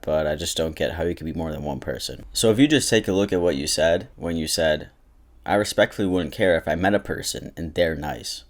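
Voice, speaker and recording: Low-voiced sarcastic young man. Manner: sarcastic, joking asides. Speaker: YouTuber reacting to comments. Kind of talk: casual commentary on comments and memes.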